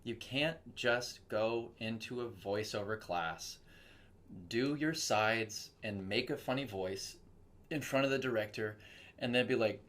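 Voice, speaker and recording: A man's voice: mid-range voice, measured pace. A young man, a voice actor from Texas, chatting casually in an interview and acting out quoted voices as he tells stories. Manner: animated storytelling with quoted voices. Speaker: voice actor guest.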